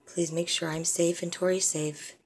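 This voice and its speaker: A woman's voice: lowish voice, level tone, normal speed, a little mellow, a little hiss or hum. A woman speaking to her estranged daughter in a personal video message, tender and pleading, calling her pet names and drifting from one thing to the next.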